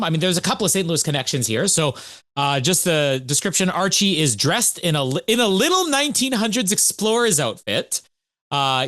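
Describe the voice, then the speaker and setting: A man co-hosting a podcast, his voice sitting a little high and moving a lot as he tells stories. He talks in an animated, chatty way. The sound is dry and close. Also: no echo. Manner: animated, chatty storytelling with laughs. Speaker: podcast co-host. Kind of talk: casual podcast chat.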